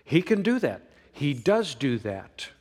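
A man preaching a sermon, swinging between emphatic lines and hushed ones. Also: a little high, very animated, unhurried, husky. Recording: long reverb of a large hall.

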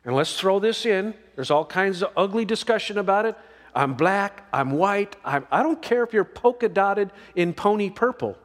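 A man's voice: high voice, animated, moderate pace, in a large hall. A man preaching a sermon as pastor, folksy and emphatic, drawing out the verses he reads.

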